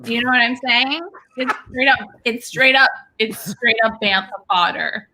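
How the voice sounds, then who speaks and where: A woman's voice: a little high, moderate pace, bright, forceful tone. A woman playing a brash young princess in an improv comedy insult battle, swearing and taunting her opponent. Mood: boastful. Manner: trash-talking, swearing, taunting. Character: brash trash-talking young princess, cocky and crude.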